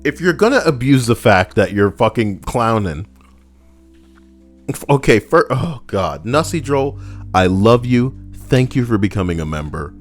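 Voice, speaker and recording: A man's voice: mid-range voice, big pitch swings, a little slow, soft background music. A man reading stories aloud for his channel and breaking off into joking, rambling asides, swearing casually.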